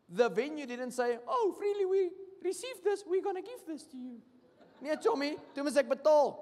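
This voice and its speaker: A man with a South African accent preaching a sermon, telling stories and acting out what people say. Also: very high-pitched. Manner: switches between English and Afrikaans, animated storytelling with acted-out quotes. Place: church hall. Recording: long hall reverb.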